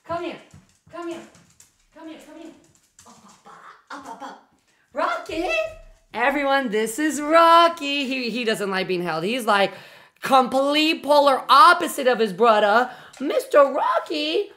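A woman streamer chatting casually on a live reaction stream, excitable, swearing often and doting on her pets. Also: sits high, a little slow.

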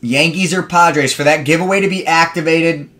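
A man's voice: on the high side, moderate pace, pushed and bright. A young man hosting a live card break stream, chatting with viewers and rambling into stories between picks.

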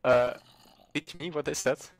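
A woman's voice: sits low, fairly even intonation, unhurried, heavy background noise. A woman playing a game with a friend, giving brief, hesitant replies with fillers. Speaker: fellow player. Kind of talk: casual gameplay chat.

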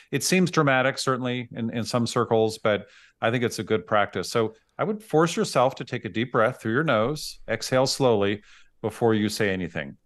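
A man, a dentist hosting a podcast, who chats casually and agrees often with short affirmations. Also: medium pitch.

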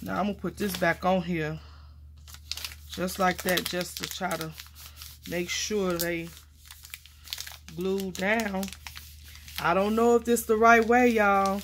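A woman vlogging casually while mounting stamps, chatty and excitable, calling viewers y'all and honey, and dropping to quiet murmurs as she works. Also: mid-range voice, slow pace, pauses often, background noise. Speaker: crafting vlogger. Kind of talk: casual chat while crafting.

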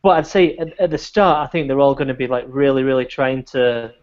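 A man's voice: medium pitch, fairly even intonation, brisk, darkish tone. A man co-hosting a casual discussion, laughing often and hedging with repeated restarts. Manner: laughs often and hedges with 'I think' and 'you know'. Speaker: podcast co-host. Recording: dull lo-fi recording.

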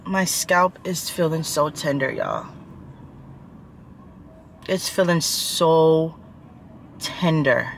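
A woman's voice: deep voice, extremely slow, gravelly, long pauses, a little hiss or hum. A young woman vlogging from her car, venting with sighs about a bad salon visit. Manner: frustrated venting, sighing. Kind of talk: casual vlog talk to camera.

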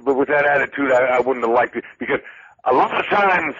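An older man, a retired wrestler, spinning loud, boastful, folksy stories as a guest in an interview. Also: mid-range voice, animated, brisk, slightly rough, highs cut off. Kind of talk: interview storytelling.

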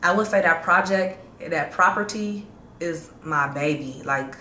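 A woman's voice: on the low side, a little slow, pushed and bright. A woman from Chicago talking casually to her viewers in a slangy, chatty vlog update that gets hyped up. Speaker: vlogger. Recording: roomy echo, faint background hum.

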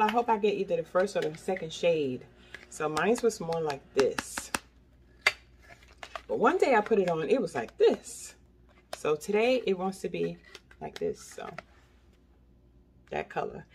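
A woman's voice: mid-range voice, a little mellow, slight background noise. An older woman chatting casually through a product review, talking straight to her viewers and often repeating herself. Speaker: beauty product vlogger.

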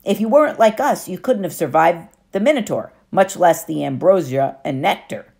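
A woman's voice: fairly low pitch, expressive, moderate pace, vocal fry, darkish tone. A woman voicing a knowing, clever teen girl. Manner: knowing and explanatory. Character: clever, self-assured teenage girl.

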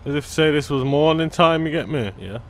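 A young man giving gameplay commentary, loud, swearing often and full of street slang. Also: on the high side, lively intonation, fairly quick, a little hiss or hum. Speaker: gaming YouTuber.

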